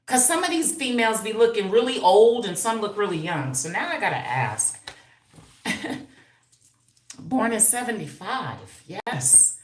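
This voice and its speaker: A woman's voice: mid-range voice, very animated, measured pace. A woman of fifty hosting a casual livestream from home, brash and profane and laughing often as she reads viewer comments. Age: 50s. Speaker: hairstylist and livestream host. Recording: echoey room.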